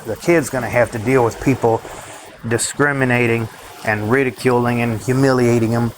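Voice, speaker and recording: A man's voice: medium pitch, fairly even intonation, normal speed, a little hiss or hum, poor audio. A man in a bitter, cursing rant to his viewers, laughing between complaints. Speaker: vlogger. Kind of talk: ranting monologue to viewers.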